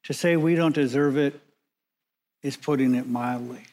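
A man preaching a sermon as pastor, measured and emphatic, slowing down and pausing to stress key words. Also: mid-range voice, a little mellow.

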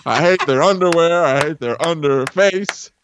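A man doing improv comedy, making deadpan absurd declarations. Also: a little high, moderate pace, background noise.

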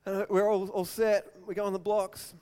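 A man preaching a sermon, telling stories and acting out quotes in loud bursts. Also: little pitch movement, normal speed, clean tone. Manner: storytelling, acts out quotes with sudden loud raised-pitch outbursts. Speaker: pastor. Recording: long hall reverb.

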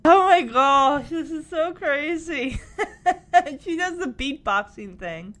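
High-voiced woman recapping a show. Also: slow. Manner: animated, laughs often.

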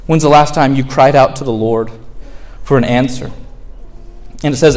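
A man's voice: medium pitch, moderate pace, long pauses, darkish tone. A man preaching a sermon as pastor, earnest, asking the congregation rhetorical questions and acting out complaining prayers.

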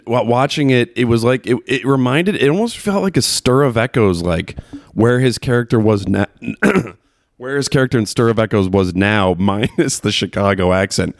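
Deep, gravelly man chatting casually. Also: dry recording, clean studio sound. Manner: rambling, laughing, swears casually. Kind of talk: casual movie chat.

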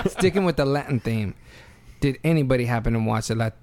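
A man's voice: mid-range voice, very animated, normal speed, darkish tone. A man hosting a podcast in casual chat, loose and profane, calling everyone bro and dude. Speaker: podcast host.

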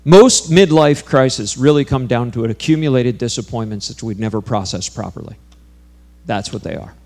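A man's voice: medium pitch, normal speed, creaky, a little mellow. Earnest man preaching a sermon. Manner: earnest, builds to intense emphatic peaks. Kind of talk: sermon storytelling.

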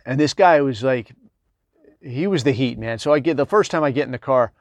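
A man's voice: medium pitch, fairly quick, no echo. A middle-aged man, a military veteran, telling rambling, digressive stories in a casual, conversational way full of fillers. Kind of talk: casual anecdotal storytelling.

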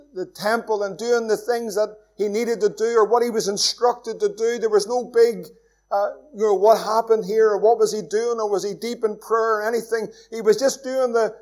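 A Northern Irish pastor preaching with a notably high voice. He is earnest and pleading, builds to strong emphatic peaks, then drops to near-hushed, intimate lines. A church sermon delivered to a congregation. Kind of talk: evening sermon.

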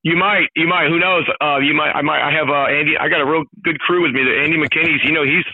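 A man calls in as a radio guest, talking sports with eager, hyped energy. His voice sits a touch high and comes through a thin, phone-like line. The sound is dry and close, with no room around it. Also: fairly even intonation, fast, no echo. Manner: enthusiastic, hyped storytelling. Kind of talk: casual radio chat.

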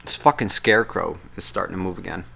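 A man's voice: sits low, quick pace, gravelly, pushed and bright. A man hosting a podcast, talking in a casual, rambling, profane monologue full of complaints. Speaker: podcast host.

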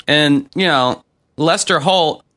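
A man co-hosting a casual chat, talking in a profane, animated rant. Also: a little high. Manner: profane, ranting, fast and animated. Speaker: podcast co-host.

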